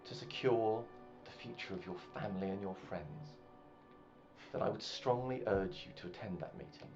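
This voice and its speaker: A man voicing a secretive wealthy woman with an unblinking stare, speaking low and half whispered. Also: moderate pace, natural voice. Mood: hushed, conspiratorial. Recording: muffled, with faint music.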